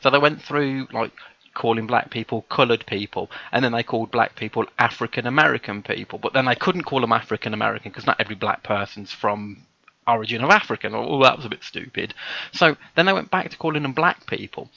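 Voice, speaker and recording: A British man hosting a live stream, chatting casually and bantering with dry, deadpan jokes. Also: medium pitch, brisk, vocal fry, no echo, dull audio. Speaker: streamer host. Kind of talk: casual chat.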